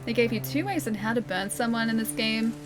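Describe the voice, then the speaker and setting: A young woman streams a game and keeps up a casual, chatty commentary, giggling as she thinks aloud. Her voice sits a little high. Faint music plays behind her. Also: fairly quick.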